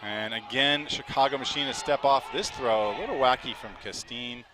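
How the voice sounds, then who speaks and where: A man doing live play-by-play commentary, chatty and quick to laugh, with an outdoor crowd behind him. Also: medium pitch, noisy background.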